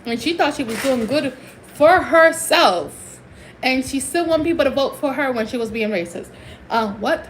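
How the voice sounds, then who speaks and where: A high-voiced woman from Puerto Rico delivers a heated, emphatic livestream rant, dropping into Spanish now and then. A faint hiss of noise sits under her voice. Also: fairly quick, poor audio. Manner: heated, emphatic, switching between English and Spanish.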